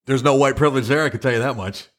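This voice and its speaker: A man co-hosting a podcast in casual, quick-witted banter. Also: mid-range voice. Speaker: podcast co-host.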